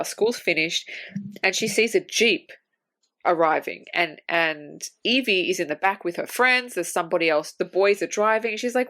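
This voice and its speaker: Chatty woman recapping a film. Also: mid-range voice. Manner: animated, acts out scenes in quoted voices, swears freely. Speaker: podcast co-host. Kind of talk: casual film review chat.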